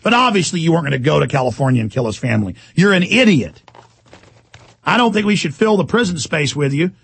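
A man hosting a talk radio show, ranting angrily, repeating himself and shouting. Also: on the high side, expressive, fast talker, vocal fry, slightly rough. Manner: shouting, indignant, repetitive. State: agitated. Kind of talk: angry talk radio rant.

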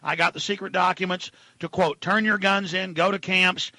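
A male radio talk show host ranting at callers, dropping to a low mutter and then shouting. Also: fairly even intonation, moderate pace, no room sound.

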